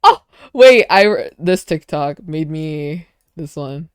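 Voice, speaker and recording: A woman streamer chatting casually while reacting to clips, excitable and quick to laugh and gush. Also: low voice, smooth, no echo, studio quality.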